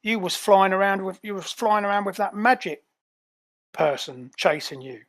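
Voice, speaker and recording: Man doing a gruff loud Cockney ape agent, blunt, grumbling, tabletop game voice. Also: high-pitched, lively intonation, normal speed, pitched above the performer's own voice.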